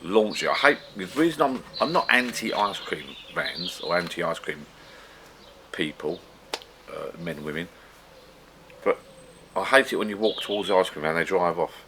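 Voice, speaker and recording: A man's voice: low voice, animated, moderate pace, long pauses, background noise. A middle-aged man from the UK, chatting casually and rambling in a home vlog from his garden bar shed. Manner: rambling and chatty, with frequent restarts. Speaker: vlogger.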